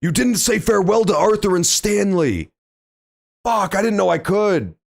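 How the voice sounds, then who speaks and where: A young man streaming a game, reacting loudly and swearing often in casual commentary. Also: sits high, moderate pace, gravelly, no echo, clean studio sound. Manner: animated, reactive, swears often, loud outbursts. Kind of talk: let's play commentary.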